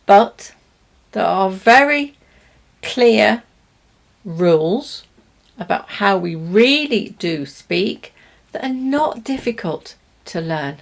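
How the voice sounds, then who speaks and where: A woman with a British accent teaching English pronunciation, speaking slowly and deliberately, stressing each word for learners. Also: medium pitch, lively intonation, vocal fry. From Britain. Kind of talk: language lesson to camera.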